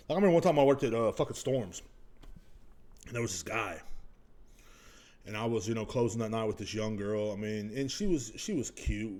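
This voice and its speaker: Man, 30s, podcast host, cussing a lot, loud then quiet, casual story. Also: fairly low pitch, brisk. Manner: profane, animated storyteller who swings loud and quiet.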